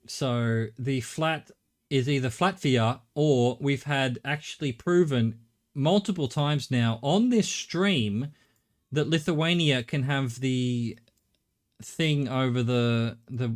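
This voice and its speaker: A middle-aged Australian man talks through a live game stream. He thinks out loud, chats with his viewers and swears casually. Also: mid-range voice.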